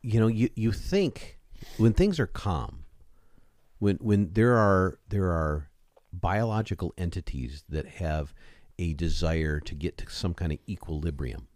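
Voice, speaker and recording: A man co-hosting a podcast, musing in a halting, philosophical way in a studio. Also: sits low, lively intonation, darkish tone, no echo. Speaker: podcast co-host. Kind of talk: casual comedic commentary.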